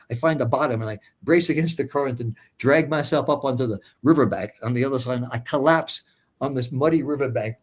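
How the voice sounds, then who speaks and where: An older American man, a guest, vividly retelling his escape in a profane, animated way with a husky voice. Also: medium pitch. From United States. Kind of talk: storytelling interview.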